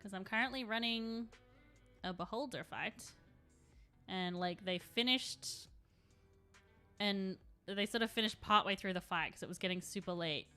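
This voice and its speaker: A woman's voice: mid-range voice, a little slow, bright, forceful tone, clean tone, faint music behind. A young adult woman chatting casually on a live stream while she paints, rambling and laughing often.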